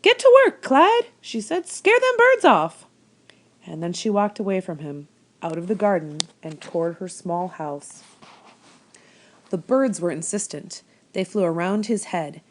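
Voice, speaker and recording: A woman reads a children's chapter book aloud with calm, steady storytelling. Her voice sits somewhat low for a woman and moves at an even pace. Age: adult. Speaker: reader.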